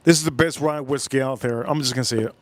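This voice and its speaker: A South Florida livestream host, an adult man no longer young, talks fast and rambles directly to chat, circling back over the same phrases. His mid-range voice holds a steady tone, with no room sound at all.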